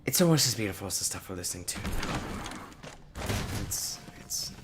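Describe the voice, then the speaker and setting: A man streaming a game, chatting in a put-on mock-posh voice with deadpan silliness. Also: low-pitched, normal speed, background noise. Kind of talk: casual gameplay commentary.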